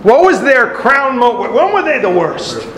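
A man's voice: very high voice, very animated, normal speed, a bit bright, echoey room, rough recording. A man giving a talk, retelling an old story with dramatic flair and acting out the voices.

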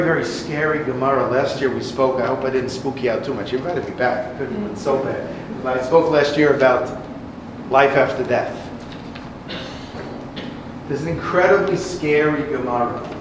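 A man's voice: medium pitch, moderate pace, reverberant, background noise. A man giving a talk, retelling an old story with dramatic flair and acting out the voices.

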